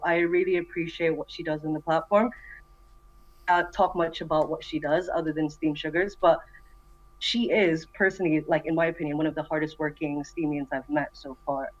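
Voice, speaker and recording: A chatty woman talks eagerly in a casual online voice meeting, her speech peppered with fillers. Her voice sits on the low side, and the audio is dull and lo-fi, like a compressed call. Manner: chatty, enthusiastic, many fillers. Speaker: community member introducing herself. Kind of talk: casual voice chat.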